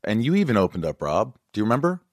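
A man hosting a podcast interview, talking in an animated, joking and teasing way. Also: on the low side, rapid-fire, no room sound, studio quality. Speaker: podcast host. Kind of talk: casual interview chat.

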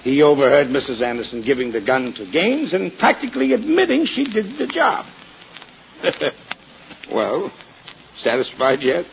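An actor playing a blunt, self-assured police officer in a 1940s radio drama, gruff and dismissive. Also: male voice, on the high side, sing-song, moderate pace, muffled recording. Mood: cocksure. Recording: hissy 1940s radio broadcast.

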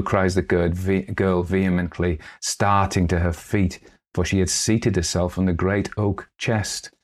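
Low-voiced man narrating a dark tale. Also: little pitch movement, a little slow. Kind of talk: scripted audiobook narration.

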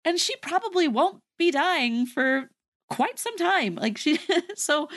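A woman's voice: high voice, expressive, slow pace, fairly bright tone. Giggly young woman chatting about a movie. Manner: giggly, lots of "like" and laughter. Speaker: podcast co-host. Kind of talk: casual movie discussion.

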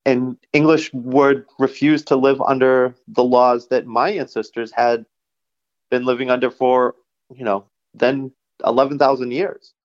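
A man's voice: medium pitch, steady tone, measured pace. Earnest man, dull lo-fi sound. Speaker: interviewee, production company worker. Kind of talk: interview testimony.

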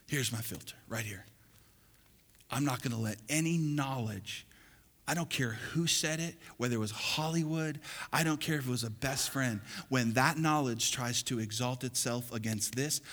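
Preaching man in an echoing hall. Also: mid-range voice. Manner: preaching with call-and-response, building to loud exhortation. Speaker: pastor. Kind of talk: sermon. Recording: long hall reverb.

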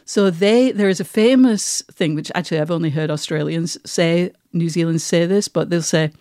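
A woman's voice: lowish voice, moderate pace, warm tone, dry recording, studio quality. A middle-aged woman hosting a podcast, chatting casually and laughing as she trails off and restarts. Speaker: podcast host. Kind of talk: casual chat.

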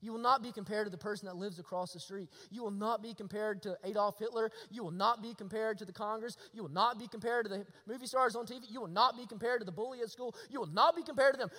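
A man preaching a sermon, swinging from hushed near-whispers to emphatic shouts and asking the congregation rhetorical questions. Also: high voice, fast talker, few pauses, big-room sound. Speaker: pastor. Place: church sanctuary.

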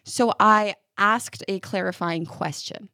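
Dry-voiced animated woman podcaster. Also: mid-range voice, slow pace, no room sound. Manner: animated storytelling with laughs. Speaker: podcast co-host. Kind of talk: casual chat.

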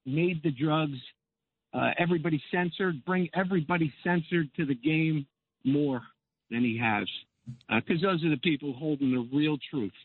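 A man's voice: on the high side, moderate pace, breathy edge, no echo. An older man calling in to a radio show, speaking hesitantly and stopping often on filler sounds. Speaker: caller. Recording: phone line.

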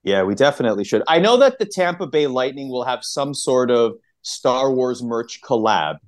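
A man's voice: mid-range voice, animated, moderate pace. A man co-hosting a podcast, enthusiastic and playfully over the top as he announces news and chats with friends. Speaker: podcast co-host. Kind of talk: excited podcast announcement and chat.

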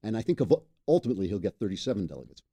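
A man's voice: fairly low pitch, sing-song, racing, gravelly, mellow, husky. A man hosting a political talk show, chatting casually and wryly, often laughing at his own jokes. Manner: wry, joking, laughs often. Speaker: podcast host. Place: makeshift studio.

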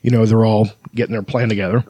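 A man's voice: on the low side, flat delivery, fast talker, dark tone, slightly rough, no room sound, lo-fi sound. A man hosting a casual book talk, reading passages aloud and chatting with many fillers, restarts and laughs. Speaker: podcast host.

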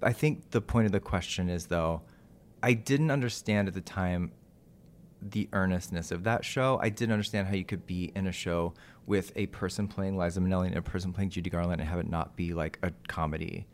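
A fairly low-voiced man from Texas talks through a relaxed interview. He rambles cheerfully, mocks himself and slips into quoted voices of people he has met. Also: fairly quick, slight background noise. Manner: chatty, self-mocking, full of asides and quoted voices. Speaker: actor and TV host, interview guest. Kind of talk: casual chat.

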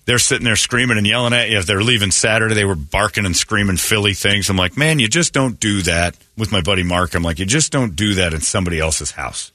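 A man hosting a morning rock radio show, telling stories in a blunt, animated way. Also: on the low side, quick pace, few pauses, no echo. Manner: blunt, storytelling, animated retelling. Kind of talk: casual talk radio banter. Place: radio studio. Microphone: studio mic. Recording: dry close studio sound.

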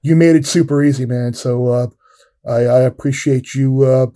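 Mellow-voiced man chatting football picks. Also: mid-range voice, moderate pace. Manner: relaxed, rambling, frequent restarts. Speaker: podcast co-host. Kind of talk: casual sports podcast chat.

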